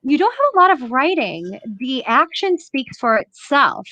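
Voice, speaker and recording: A woman's voice: high-pitched, very animated, unhurried, bright, forceful tone, rough recording. A woman host with a Massachusetts accent, chatting enthusiastically in a casual interview and laughing often.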